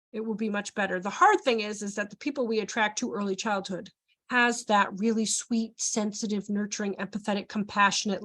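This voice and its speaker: A woman leading an online child care training, animated and laughing often as she acts out voices. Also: mid-range voice. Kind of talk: live online training presentation.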